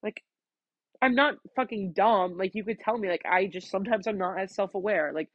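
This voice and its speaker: A woman's voice: mid-range voice, normal speed, dry recording. A teenage girl venting to the camera from her bedroom in a chatty, casual rant, filling every phrase with "like" and swearing freely. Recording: dull, lo-fi dry recording.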